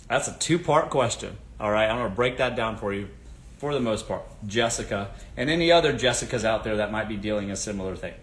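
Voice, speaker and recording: A man's voice: on the low side, expressive, a little fast, a bit bright. A man hosting a casual advice livestream, speaking emphatically and repeating his catchphrases. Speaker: show host. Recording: roomy echo.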